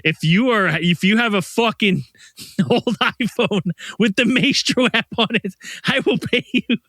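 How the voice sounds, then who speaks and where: Podcast co-host, man, foul-mouthed ranting storyteller, bright and dry sound. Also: sits high, measured pace, no room sound. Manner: profane, animated storyteller, ranting. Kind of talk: casual chat.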